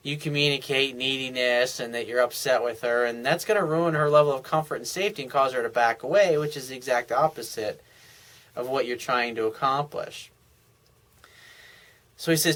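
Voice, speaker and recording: Bright, blunt male advice host. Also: fairly high pitch, moderate pace. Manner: blunt, profane, coaching. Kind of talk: advice monologue.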